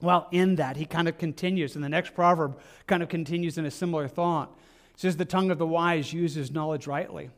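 A man's voice: on the high side, steady tone, fairly quick. A man preaching a sermon in a conversational way, with many asides and restarts. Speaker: pastor.

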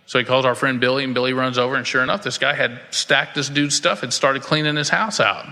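A man's voice: medium pitch, fairly even intonation, brisk, few pauses, sharp tone. A man preaching a casual, storytelling sermon as a pastor, acting out the voices in his stories. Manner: casual, folksy, acts out quoted voices. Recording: long hall reverb.

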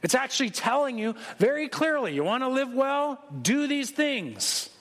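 Pastor, man, high voice, casual joking sermon, long hall reverb. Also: big pitch swings, moderate pace, fairly bright tone. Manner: conversational, joking, emphatic preaching.

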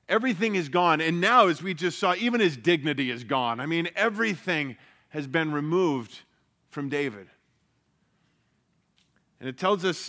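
A man preaching a sermon in an earnest way, dropping to a hush for emphasis and rising when he stresses a point. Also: fairly high pitch. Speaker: pastor.

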